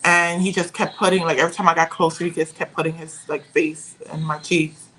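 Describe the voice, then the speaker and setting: A young woman with a bright, forward voice recounts a personal loss as a podcast guest. She speaks haltingly, restarting phrases as she searches for her words, over a faint hiss in the background. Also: low voice, level tone, poor audio. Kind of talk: emotional personal storytelling.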